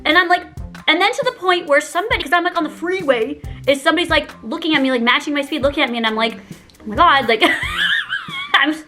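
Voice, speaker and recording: Bright, high-voiced giggly young woman. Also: very fast, faint music behind. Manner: giggly, heavy use of "like", chatty. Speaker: YouTuber. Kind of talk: confessional storytime vlog.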